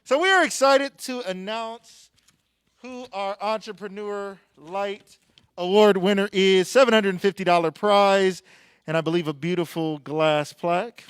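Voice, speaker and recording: A man's voice: high-pitched, a little slow, clear, resonant tone, no echo, clean studio sound. A man emceeing a live awards night on a handheld microphone, joking with and hyping up the crowd. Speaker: event emcee. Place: event hall stage.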